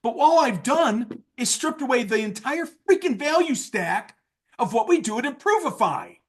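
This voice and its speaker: A man giving a casual sales training talk, blunt and worked up, swinging from loud outbursts to low asides. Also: very animated, normal speed.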